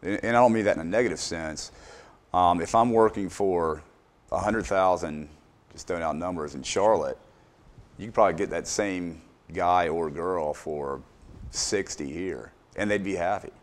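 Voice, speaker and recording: Middle-aged man, very low voice, hesitant interview guest. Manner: unhurried, hesitant, many fillers and restarts. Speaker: business owner, interview guest. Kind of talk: casual interview answers.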